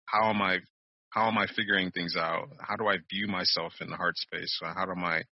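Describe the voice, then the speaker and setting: Husky low-voiced male podcast co-host. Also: steady tone, no room sound, muffled recording. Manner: explaining, halting restarts. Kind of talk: casual podcast chat.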